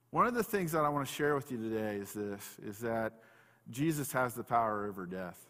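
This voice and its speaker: A man preaches in an easygoing, conversational way, stumbling and restarting as he talks. When he reads scripture he slows down and lifts his voice. His mid-pitched voice rings in a church hall with a long echo. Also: lively intonation, fairly bright tone. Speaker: pastor. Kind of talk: sermon.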